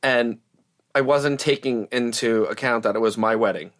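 A man's voice: medium pitch, moderate pace. A man talking casually as an interview guest, a wedding planner who fills his speech with "like" and "you know". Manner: chatty, heavy use of "like" and "you know".

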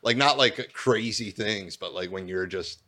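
A man's voice: fairly low pitch, measured pace, sharp tone. A young man, chatting casually with crude, laid-back humor. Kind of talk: casual chat.

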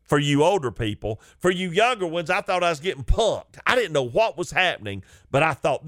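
A man's voice: on the high side, sing-song, brisk, few pauses, a bit bright, dry recording, clean studio sound. A man, a comedian telling a funny story in a folksy, chatty way. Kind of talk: comic storytelling.

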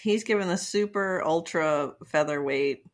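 A woman co-hosting a podcast in casual chat, with wry quick reactions and frequent laughter. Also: low-pitched. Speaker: podcast co-host.

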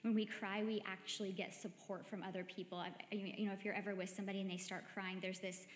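A woman gives a gentle, reflective devotional talk, easing through her thoughts with soft hesitations. Her voice rings through an echoey space with a long reverb tail, and faint music sits low behind her. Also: level tone, quick pace. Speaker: meditation host.

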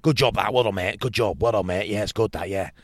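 A man putting on the voice of a loud, excitable former rugby player who repeats himself and swears. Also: on the low side, fast, no echo, close to an everyday voice. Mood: chummy. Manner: boisterous, repetitive, swearing.

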